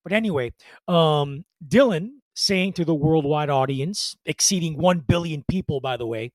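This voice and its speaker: A man's voice: fairly high pitch, normal speed, no room sound. A man co-hosting a podcast, chatting loosely about music history with many fillers and restarts. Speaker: podcast co-host.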